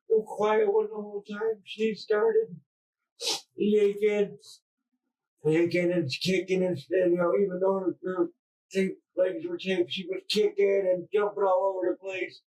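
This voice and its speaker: High-voiced guy stammering out a confession, dark tone, mic far off in an interview room. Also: level tone. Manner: halting, distressed, stammering restarts. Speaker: murder suspect under interrogation.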